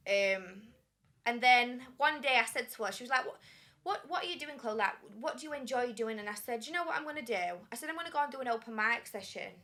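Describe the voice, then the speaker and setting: A young woman from Sheffield, England, speaks with a Yorkshire accent in a slightly high voice and talks fast. She's a singer appearing as a guest in a relaxed sit-down interview, telling stories animatedly and acting out the quoted dialogue.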